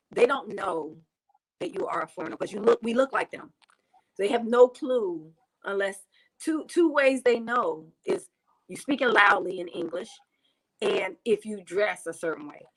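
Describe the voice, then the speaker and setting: A woman's voice: mid-range voice, a bit bright, poor audio. A woman from the United States, a guest on a video call interview, talking casually and repeating herself, with lots of "you know". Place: home in Tanzania.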